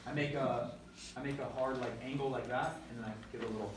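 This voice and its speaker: A man's voice: mid-range voice, quick pace, background noise. Man teaching a class in an echoey room. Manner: energetic, self-correcting, drills loudly. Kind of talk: classroom lesson with call-and-response drills. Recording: echoey classroom recorded from far off.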